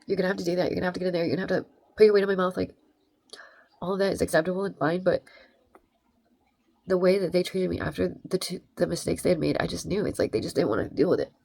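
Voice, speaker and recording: A woman's voice: on the low side, racing, vocal fry, a little mellow, no echo. A young adult woman telling a rambling, emphatic story in a casual vlog, full of "like" and "right?". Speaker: vlogger.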